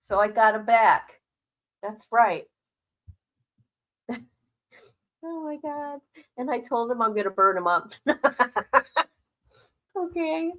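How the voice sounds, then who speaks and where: A woman's voice: fairly high pitch, a bit bright, poor audio. Blunt, frank woman streamer, middle-aged. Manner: blunt, frank, laughs often between remarks. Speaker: livestream host. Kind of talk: casual livestream chat.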